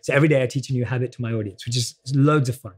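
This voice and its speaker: A man's voice: medium pitch, steady tone, rapid-fire, slightly rough. A man with a British accent, a guest in an interview, earnestly explaining self-help ideas in a coaching tone. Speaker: podcast guest. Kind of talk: motivational interview talk.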